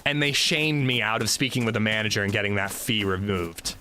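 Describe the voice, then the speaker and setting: A man in his thirties livestreaming from a room at home, telling a story in casual chat as an indignant, animated ranter. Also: lowish voice, fairly quick, slight background noise. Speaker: livestreamer playing a survival game.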